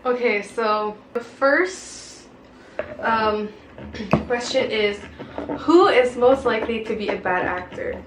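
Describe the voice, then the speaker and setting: A higher-voiced young woman chats and laughs through a meal, reading out game questions between bites. The room is echoey, with steady noise behind her. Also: takes it slowly. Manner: giggly, reads out questions while eating. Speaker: host. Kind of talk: casual chat over a meal.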